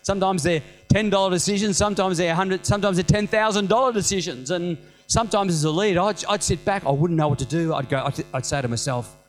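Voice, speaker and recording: A middle-aged man preaching a sermon as senior pastor, animated and conversational, with humorous self-mocking asides. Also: high voice, fast talker, few pauses, faint music behind, low-quality recording.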